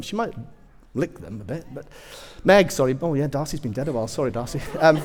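A man's voice: medium pitch, lively intonation, brisk, hardly any pauses, darkish tone, long reverb tail. A man preaching a sermon, telling humorous personal stories with self-deprecating asides.

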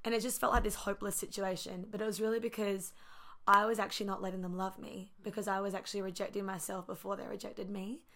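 A woman's voice: mid-range voice, level tone, fast talker, pushed and bright. A woman in casual conversation, reflective, telling personal stories with quoted dialogue and fillers.

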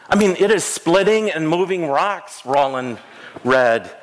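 A man preaching a sermon in a church, telling the stories slowly with dramatic pauses. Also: a little high, a bit bright. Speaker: pastor. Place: church sanctuary.

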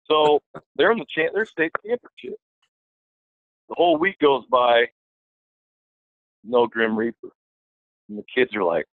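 A man telling a lively anecdote in a casual way, acting out the voices of the people in it. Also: medium pitch, unhurried, pauses often, no echo. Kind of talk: casual storytelling. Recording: dry, phone-like line.

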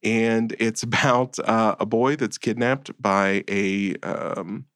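A man's voice: fairly low pitch, fairly even intonation, fairly bright tone, dry recording, studio quality. A man co-hosting a podcast, reviewing films in casual chat with a blunt, exasperated manner. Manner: blunt, exasperated, quick asides. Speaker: podcast co-host.

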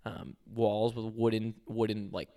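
A man's voice: on the low side, level tone, measured pace, mellow. A young man co-hosting a podcast in casual chat, rambling with fillers and restarts. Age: young adult. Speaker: podcast co-host.

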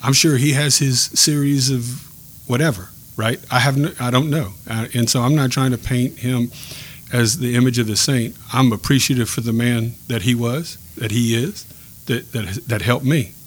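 A man sharing a personal faith story in a podcast chat, earnest and reflective, pausing and restarting as he speaks. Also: mid-range voice, steady tone, slight background noise. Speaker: guest telling a faith story.

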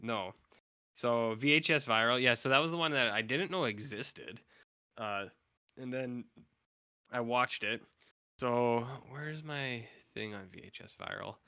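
Bright-voiced man rambling about horror films. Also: medium pitch, measured pace, creaky, clear, resonant tone, dry recording, clean studio sound. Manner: rambling, acts out quotes in flat mumbles. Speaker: podcast co-host.

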